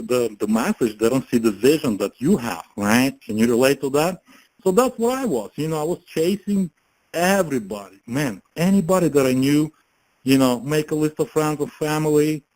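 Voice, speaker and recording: Chatty man with a middle-pitched voice. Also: a little mellow, rough recording. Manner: chatty, laughs often, many fillers and tag questions. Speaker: network marketing promoter. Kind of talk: casual motivational pitch.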